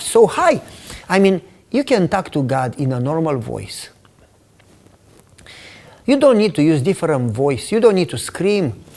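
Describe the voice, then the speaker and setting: A man's voice: on the high side, gravelly, darkish tone. A male pastor preaching a sermon, telling a personal story earnestly and dropping to a whisper to stress points.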